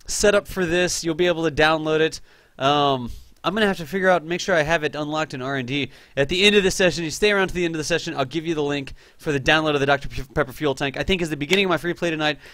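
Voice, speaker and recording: Young male streamer, slightly high voice, dry close desk mic, chatty and excitable. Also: no room sound. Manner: chatty, upbeat, reads chat aloud, excitable. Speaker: game streamer. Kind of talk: casual live-stream chat.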